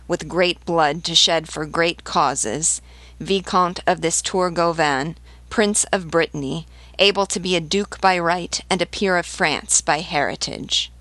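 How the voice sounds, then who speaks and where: A woman reading the lines of an aged aristocratic male marquis from a novel, calm and unhurried, stressing nothing. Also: deep voice, no room sound. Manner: calm, unhurried, unstressed delivery.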